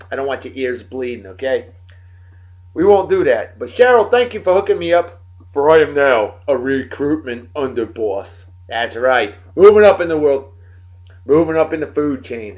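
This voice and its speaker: Jokey man with a dull lo-fi sound. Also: mid-range voice. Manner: rambling, jokey, talks straight to friends. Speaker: host of a daily beer and song show. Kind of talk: casual birthday shout-outs to viewers. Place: home in Texas.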